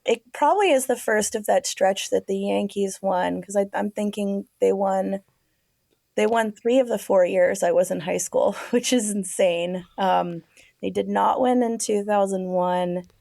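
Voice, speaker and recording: A woman talks through trivia answers, thinking out loud. Her voice is mellow with a gravelly edge. The sound is dry. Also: medium pitch, no echo. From Staten Island, New York. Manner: quick, thinks out loud in a friendly way. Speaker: trivia contestant, teacher. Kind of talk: casual chat.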